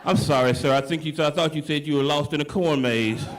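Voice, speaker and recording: A comedian voicing a calm, condescending male 911 operator in a low voice during a stand-up set. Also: fast, a little hiss or hum, close to an everyday voice. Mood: deadpan.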